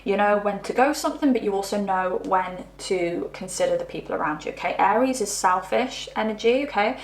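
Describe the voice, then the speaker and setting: A woman's voice: medium pitch, brisk. Lady doing a tarot reading, chatty, trips over her words, echoey room. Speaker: tarot reader. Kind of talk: pick-a-card tarot reading. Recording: roomy echo.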